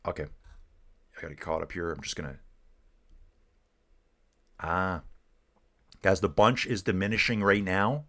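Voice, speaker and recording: A man's voice: lowish voice, normal speed, pauses often. A middle-aged man from Canada giving casual live race commentary while chatting with viewers, calling them dude and guys. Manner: laid-back, calls viewers dude and guys. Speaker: streamer and cycling commentator.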